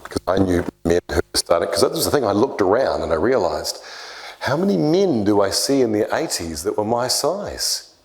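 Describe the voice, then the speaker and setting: Lively low-voiced man teaching leaders. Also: moderate pace. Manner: animated storyteller acting out quoted voices. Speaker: church leader teaching discipleship. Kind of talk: church leadership talk.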